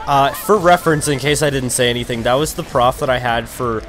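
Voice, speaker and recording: A man's voice: medium pitch, brisk. Rambling, foul-mouthed young man gaming. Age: young adult. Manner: rambling, profane, sudden raging outbursts. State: over-caffeinated. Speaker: let's play commentator. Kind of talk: casual gaming commentary. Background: game music.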